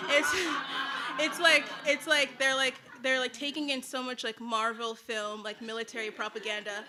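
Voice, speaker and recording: A woman's voice: a little high, pushed and bright, slight background noise. A young woman telling a personal story to an audience in a casual, chatty way, full of "like"s and laughing at her own jokes.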